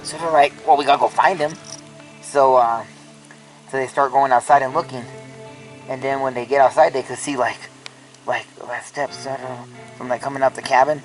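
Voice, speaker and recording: A man's voice: medium pitch, steady tone, normal speed, faint music behind, low-quality recording. A man casually telling a ghost story, rambling with lots of filler words and restarts.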